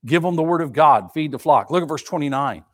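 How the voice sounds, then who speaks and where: Man, pastor, high voice, emphatic sermon, rhetorical questions. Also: lively intonation, fast.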